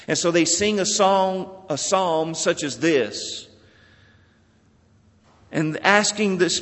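A pastor preaching a sermon in a slow, measured way, lifting for emphasis and dropping soft at the ends of phrases. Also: male voice, on the high side. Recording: long reverb of a large hall.

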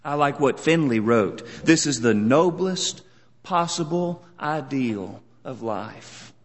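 A man preaching a sermon in an earnest, measured way, leaning on words for solemn emphasis. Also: medium pitch, expressive, in a large hall.

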